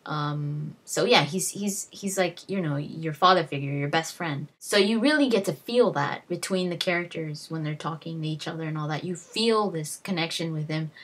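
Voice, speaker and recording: A woman's voice: deep voice, normal speed, few pauses. A young woman vlogger casually retelling game moments, rambling with many fillers and restarts and acting out what characters said. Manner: rambling, lots of fillers and restarts, acts out quotes. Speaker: gaming vlogger. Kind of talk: casual storytelling.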